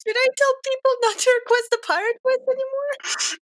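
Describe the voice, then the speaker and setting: A woman co-hosting a podcast in casual chat, excitable and prone to wandering off onto tangents. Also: very high voice, brisk. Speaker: podcast co-host.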